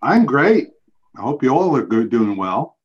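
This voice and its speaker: Lively chatty man hosting over a call. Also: medium pitch, a little slow, husky, dull audio. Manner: chatty, playful, sings snatches. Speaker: trivia show host. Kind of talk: casual chat over video call.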